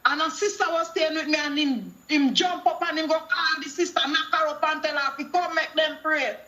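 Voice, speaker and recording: Jamaican lady caller, high and bright voice, preachy, quotes the bible, acts out all the voices. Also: brisk. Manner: preachy storytelling, quoting scripture, acting out dialogue in patois. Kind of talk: call-in testimony on a radio talk show.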